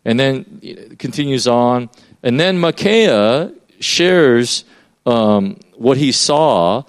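A man's voice: medium pitch, lively intonation, takes it slowly. A man preaching a sermon in a loose, conversational way, explaining as he goes with many fillers and restarts.

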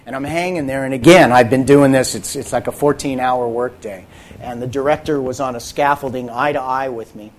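Hushed, intense male storyteller. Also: medium pitch, normal speed, slight background noise. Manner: intense, drops to hushed whispers at moments. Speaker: actor sharing a faith testimony. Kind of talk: dramatic personal storytelling.

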